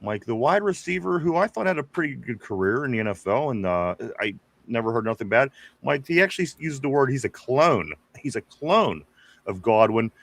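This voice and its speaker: A man's voice: medium pitch, big pitch swings, normal speed, gravelly, a bit bright, no room sound. A man co-hosting a live sports podcast, casually reading viewer comments aloud and chuckling. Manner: laid-back, chuckling, reads comments aloud. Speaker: podcast co-host reading chat. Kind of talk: casual live-stream chat.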